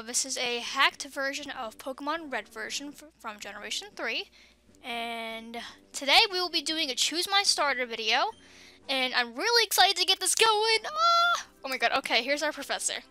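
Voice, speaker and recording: A young woman hosting a game let's play, gushing excitedly and reading the game's text aloud as she plays. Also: high voice, normal speed. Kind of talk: excited gameplay commentary with facecam.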